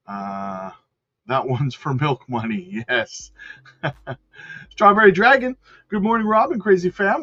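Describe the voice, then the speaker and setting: A man hosts a live crypto stream with loud, slangy energy, calling out viewers by name. His voice sits a little high, and the sound is dry and slightly dull. Soft music plays underneath. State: out of breath. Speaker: crypto livestream host. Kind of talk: casual live-stream chat.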